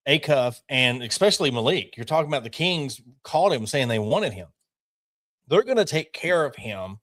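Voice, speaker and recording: Male co-host, casual sports show; opinionated, energetic, bursts of speed. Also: medium pitch. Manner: animated and opinionated, quick bursts. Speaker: podcast co-host.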